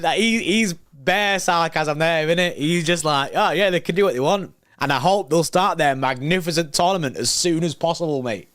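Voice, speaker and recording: Excitable slangy young man. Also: mid-range voice, no room sound, studio quality. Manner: excitable, slangy, reads news aloud and riffs. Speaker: football livestream host. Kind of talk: casual livestream chat reacting to news.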